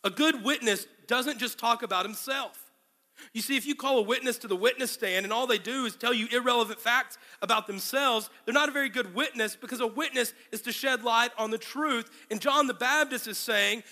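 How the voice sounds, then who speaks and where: A man's voice: very high-pitched, a little fast, pushed and bright, long reverb tail. A man preaching a sermon as pastor, dramatically acting out the biblical dialogue he explains.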